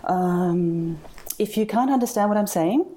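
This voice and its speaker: A woman's voice: medium pitch, unhurried, warm tone. A woman with an Australian accent, a guest author chatting with dry, self-deprecating humor. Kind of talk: casual interview chat.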